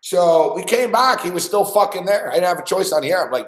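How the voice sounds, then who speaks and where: A man's voice: high-pitched, expressive, a little fast. Male radio host, casual and profane, roomy studio sound. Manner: profane, storytelling, laughs often. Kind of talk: casual chat.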